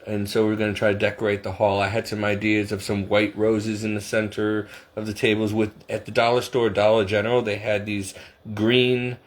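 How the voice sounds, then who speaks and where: A man's voice: on the low side, completely flat delivery, moderate pace. Rambling, chuckling middle-aged man. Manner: rambling, self-deprecating, laughs often. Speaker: vlogger. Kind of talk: casual chat to camera.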